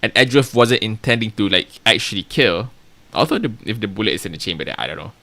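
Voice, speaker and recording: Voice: medium pitch, big pitch swings, fast, pushed and bright. A streamer casually commenting while playing a story game, thinking aloud and joking about their own voices.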